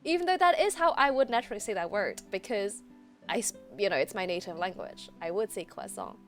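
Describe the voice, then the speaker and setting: Faint music plays behind this chatty streamer, whose first language is French, as she rambles fast over her game. Her mid-range, fairly bright voice has lively intonation, and she laughs easily during the casual commentary.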